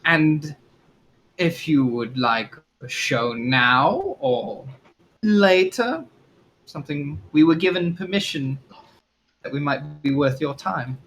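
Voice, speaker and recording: A man's voice: fairly high pitch, animated, slow, a bit bright, slight background noise, poor audio. A man playing a tabletop game, speaking hesitantly in character as a performer. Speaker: player. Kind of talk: in-character tabletop role-play.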